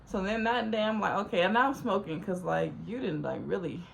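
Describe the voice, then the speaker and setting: A young woman telling a rambling, animated story, filling it with "like.". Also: mid-range voice, moderate pace, vocal fry, slight background noise. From Los Angeles. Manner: rambling, says "like" constantly, animated. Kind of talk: casual storytime.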